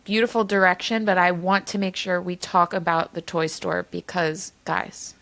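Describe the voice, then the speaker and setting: A woman's voice: fairly low pitch, flat delivery, normal speed, gravelly. Effusive woman podcast host. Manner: warm, effusive and encouraging. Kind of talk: conversational interview.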